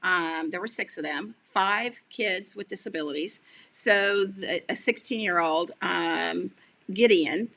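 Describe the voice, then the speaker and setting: Woman guest, bright and lively storyteller, chatty, keeps correcting herself. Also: takes it slowly, creaky. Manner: lively, acts out quoted voices with big pitch jumps; chatty, self-correcting, many fillers. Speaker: guest, accessibility advocate. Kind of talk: animated storytelling in a podcast interview.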